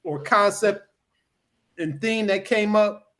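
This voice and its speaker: A man's voice: high voice, slow pace, a bit bright. A man hosting a casual podcast chat over a video call, rambling with lots of "you know" fillers.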